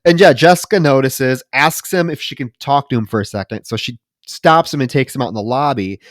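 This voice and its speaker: A man's voice: medium pitch, a little fast, no echo, studio quality. A man co-hosting a podcast, casually and animatedly retelling a horror film scene by scene with plenty of swearing. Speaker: podcast co-host. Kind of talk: casual film review chat.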